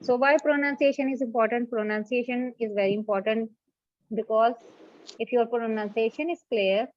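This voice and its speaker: A woman's voice: on the high side, steady tone, moderate pace, no room sound. A woman teaching an English pronunciation class, repeating points and checking in with "okay". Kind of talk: online class lecture. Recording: dull lo-fi dry sound.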